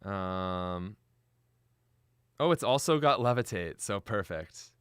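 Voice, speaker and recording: Giggly young man streaming, lively voice. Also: on the low side, slow, pauses often, clean tone, dry recording, clean studio sound. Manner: giggly, frequent laughter; chatty, addresses chat directly. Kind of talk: casual live-stream chat.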